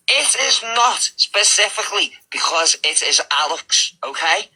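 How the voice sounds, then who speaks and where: A man chatting casually in a live room, excitable and flamboyant, gushing about his love of drama. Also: sits high, normal speed, few pauses, poor audio. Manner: excitable, flamboyant, self-proclaimed drama lover. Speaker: live audio chat participant. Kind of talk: casual chat.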